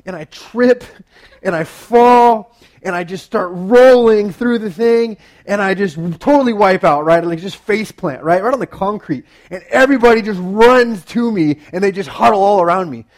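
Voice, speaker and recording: A man giving a youth sermon, telling a personal story in an animated way with frequent "right?" asides to the audience. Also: high-pitched, moderate pace. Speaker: youth pastor.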